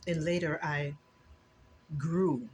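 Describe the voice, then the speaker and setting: An older woman and grandmother sharing an earnest, emotional Christian testimony in a casual vlog, with a preachy, expressive delivery. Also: slow, slight background noise. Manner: earnest, preachy and emotional, with lively swings in pitch. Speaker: vlogger.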